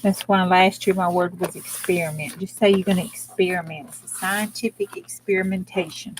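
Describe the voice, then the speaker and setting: On her crafting livestream, a woman with a voice on the low side talks at a moderate pace with fairly even intonation. She's blunt and folksy, chatting casually and cursing mildly as she works, with a little hiss or hum in the recording.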